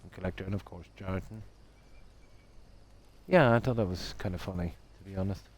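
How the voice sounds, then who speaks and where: A middle-aged Irish game streamer with a Midlands accent rambles along with his viewers in an easygoing, self-deprecating manner. His voice sits low and he talks a little fast.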